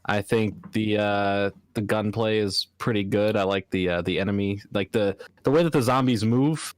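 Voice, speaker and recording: A man on a gaming podcast panel, speaking hesitantly with many pauses. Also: fairly low pitch, dry recording. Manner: hesitant, soft-spoken. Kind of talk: casual chat.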